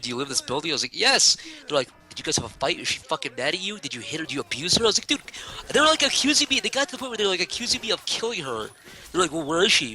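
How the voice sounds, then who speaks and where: A man's voice: on the high side, bright, forceful tone. A young man casually telling a long, exasperated story to a friend, rambling and acting out the people in it. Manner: rambling, exasperated anecdote with acted quotes. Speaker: streamer.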